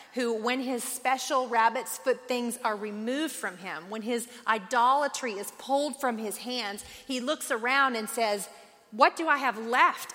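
A woman in her forties teaching a Bible study, lively and conversational, acting out the voices she quotes. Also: mid-range voice, big-room sound.

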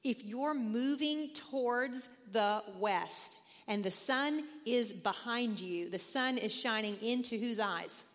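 A middle-aged woman teaching a Bible study lesson, reading scripture aloud and telling lively stories with questions to the class. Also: on the high side, measured pace. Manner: animated storytelling, reads scripture aloud, asks the class questions. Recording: echoey hall with long reverb.

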